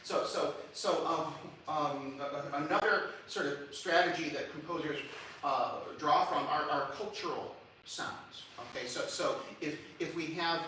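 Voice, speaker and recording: A man with a somewhat high voice gives an animated public lecture at a measured pace, restarting often and humming or singing short examples along the way. The echoey hall was recorded from a distance, with slight background noise.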